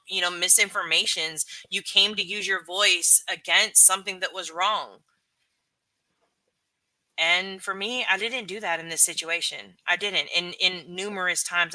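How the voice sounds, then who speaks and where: A woman's voice: fairly low pitch, bright, forceful tone, no echo. A woman hosting a live stream, reading chat and giving her candid, emphatic opinions with casual swearing.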